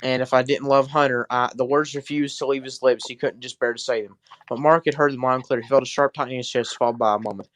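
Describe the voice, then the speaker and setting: A man's voice: medium pitch, steady tone, fast talker, fairly bright tone, no room sound. A man hosting a comedy podcast, reading fan fiction aloud with sarcastic, swearing asides. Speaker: podcast host.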